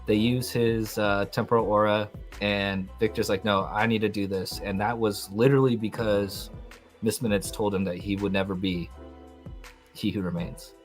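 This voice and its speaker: A young man hosting a podcast, recapping a TV episode in a rambling, excitable way with lots of fillers. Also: on the low side, moderate pace, soft background music. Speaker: podcast host.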